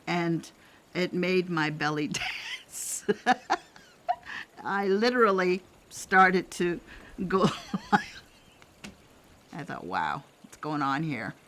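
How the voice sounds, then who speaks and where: An older woman from Canada, an elder telling a personal story in a gentle, reflective way, pausing often and laughing softly. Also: on the low side, huge pitch swings, slight background noise. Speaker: elder sharing traditional teachings.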